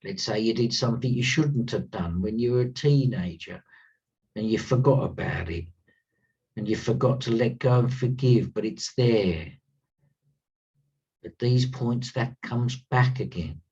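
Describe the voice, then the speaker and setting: Earnest man, husky and distant. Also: mid-range voice, measured pace, a little mellow. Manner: earnest, emphatic, repeats words for weight. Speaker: spiritual teacher. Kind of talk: spiritual talk. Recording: slightly distant, dull lo-fi sound.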